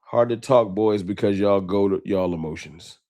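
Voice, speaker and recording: A man's voice: lowish voice, normal speed, a little mellow, no echo, studio quality. A man hosting a late-night sports fan livestream, talking off the cuff with emotion and slang. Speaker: sports fan show host.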